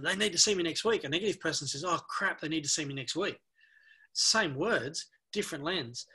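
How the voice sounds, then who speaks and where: A man's voice: on the high side, sharp tone, husky. A middle-aged man from Australia, an anti-bullying expert speaking as a guest in a conversational interview, earnest and given to storytelling. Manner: earnest, storytelling, repeats words while thinking.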